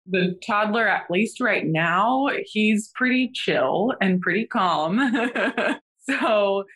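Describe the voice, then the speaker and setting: A woman's voice: medium pitch, lively intonation, slow, a bit bright, husky. A mother speaking as a guest in a casual chat, thoughtful and a little unsure, laughing now and then. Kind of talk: casual conversation.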